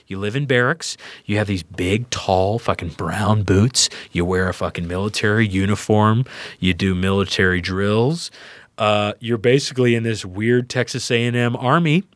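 A young man from Louisiana, a podcast guest telling a story in a casual, profane, animated way and acting out the people he quotes. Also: medium pitch, dry recording, studio quality. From Louisiana, USA.

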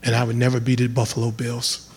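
A man telling a comic personal story live on stage, building to loud excited outbursts. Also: mid-range voice, fast talker, heavy background noise. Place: live venue with audience.

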